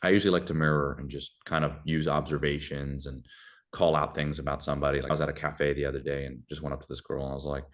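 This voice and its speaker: A young adult man giving casual conversational advice as a podcast guest, animated and acting out little dialogues in shifting voices. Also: a bass voice, fast talker.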